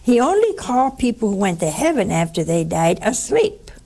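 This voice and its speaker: A woman giving a conversational spiritual teaching, telling stories with lively asides to her listeners. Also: medium pitch, moderate pace, creaky.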